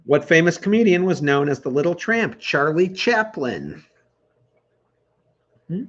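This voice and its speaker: A middle-aged man hosts an online trivia night, reading out questions and answers with a dry, teasing humor and some joking banter. His voice is on the high side, sing-song and unhurried. The recording sounds muffled.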